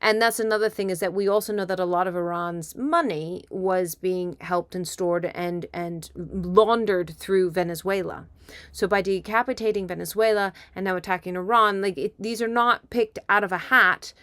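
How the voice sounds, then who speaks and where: A woman hosting a casual political commentary monologue, rambling and animated, with asides and impressions. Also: on the low side, moderate pace, clean tone, no echo. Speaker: comedian and commentator.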